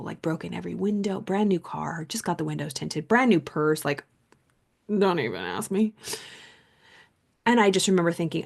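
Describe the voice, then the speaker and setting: Telling a personal story on her podcast, a woman speaks in an expressive, low-ish, creaky voice at a moderate pace, pausing often. She's a podcast host and coach, and the casual storytelling monologue is rambling, chatty, earnest, reflective, and packed with "like."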